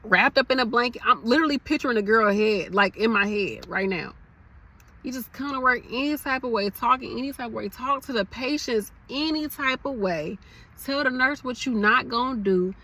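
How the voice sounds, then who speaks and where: Calling her audience y'all, a young nurse vlogger from the American South delivers a passionate, preachy, emotional rant straight to camera. She speaks at a normal speed in a slightly high voice with a sharp tone.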